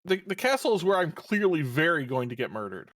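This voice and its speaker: A man on a live game stream deciding where to go next, with deadpan jokes. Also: fairly high pitch, a little fast, crowd noise. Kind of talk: casual banter.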